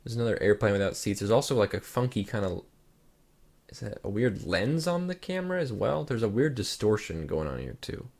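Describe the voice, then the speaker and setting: Rambling laid-back young man, low voice. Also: a little fast. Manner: relaxed, rambling, lots of "like" fillers. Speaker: channel host. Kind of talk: casual reaction commentary.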